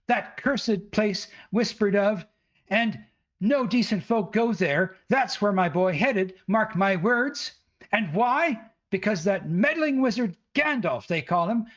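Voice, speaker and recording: An angry mother shrills and scolds in a rustic voice, as a man puts her on. She speaks high and slowly. The audio sounds dull and lo-fi. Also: fairly bright tone, exaggerated voice. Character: angry middle-aged woman, scolding mother.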